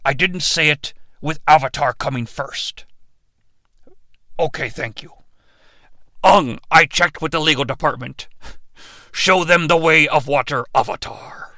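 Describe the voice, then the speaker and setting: A man doing a hushed, pompous dragon god. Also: a little high, vocal fry, dry recording, clean studio sound, voice pushed down, heavily acted. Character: pompous male dragon god, fussy and bureaucratic.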